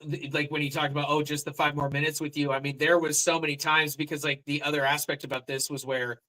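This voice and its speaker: A man's voice: on the high side, flat delivery, quick pace, sharp tone, rough recording. A recording artist in casual chat, reflecting at length on his song with many fillers.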